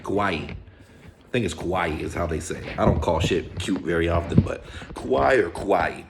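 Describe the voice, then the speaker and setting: A laid-back man from Hawaii runs through everyday Japanese words in a loose, slangy vlog. His voice sits very low, and he repeats each word slowly. Faint noise hums under it. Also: gravelly. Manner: relaxed, repeats words slowly, casual swearing. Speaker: vlogger teaching Japanese words. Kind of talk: casual slangy explainer.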